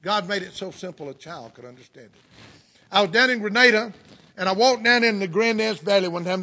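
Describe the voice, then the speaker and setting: A man's voice: high voice, pushed and bright. A middle-aged man with a Southern US accent preaching a sermon, telling folksy stories and breaking in with praise and amens. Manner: folksy storytelling with fervent interjections.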